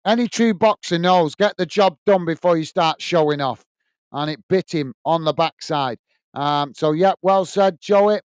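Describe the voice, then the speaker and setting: A man's voice: on the high side, a little slow, clear, resonant tone, no room sound. A man hosting a live football watch-along, chatting bluntly and answering viewer comments. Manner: blunt and opinionated. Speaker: host.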